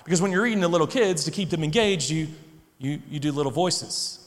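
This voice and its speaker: High-voiced pastor preaching in a hall. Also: male voice, brisk. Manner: animated, conversational preaching with sudden loud shouts. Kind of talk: sermon. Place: church hall.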